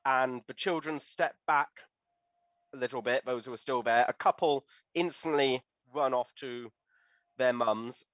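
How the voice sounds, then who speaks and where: Man, game master, tabletop narration, descriptive, occasional hesitations, middle pitch, dull lo-fi mic. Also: a bit bright, dry recording. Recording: dull, slightly lo-fi sound.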